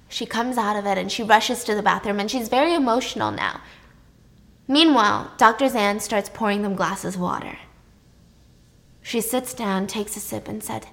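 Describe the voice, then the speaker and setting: A woman's voice: medium pitch, vocal fry, a bit bright. A woman retelling a plot in a casual, chatty way, full of asides. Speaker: plot recapper. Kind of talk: casual storytelling recap.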